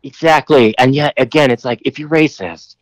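A man's voice: medium pitch, moderate pace, no echo. A man telling a long rambling story in casual podcast chat, full of "like" and casual swearing.

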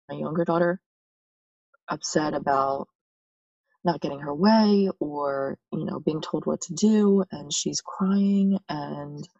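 A mother speaks slowly and hesitantly in a very low, gravelly voice. The sound is muffled and distant, with a dry room. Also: mellow, no echo. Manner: slow, thoughtful, hesitant. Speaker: parent in support group. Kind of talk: casual support-group sharing.

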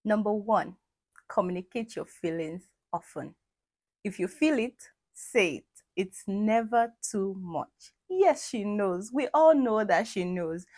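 A woman hosting an advice talk who teases gently, repeats phrases for emphasis and laughs at her own jokes. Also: medium pitch, no room sound. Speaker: podcast host giving marriage advice. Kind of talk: conversational faith-based advice talk.

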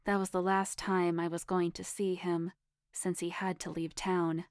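Slow, dry-voiced woman narrating a story. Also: on the low side, level tone, no echo. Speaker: story reader. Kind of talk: first-person erotic story narration.

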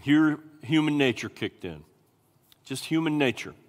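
A male pastor preaching a sermon in an animated way, acting out scripture voices with big swings in pitch. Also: a little slow. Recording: long hall reverb.

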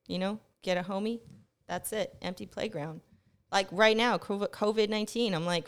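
A young woman hosting a podcast, telling a rambling, profane story in a casual monologue, her close mic catching her breathing. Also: mid-range voice. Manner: profane, animated storytelling, rushes then slows. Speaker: podcast host. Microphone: close mic picking up breathing.

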